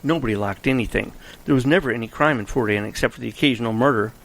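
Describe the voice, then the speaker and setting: A man narrating a storybook in a steady, wry manner. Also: medium pitch, fast talker, creaky, poor audio.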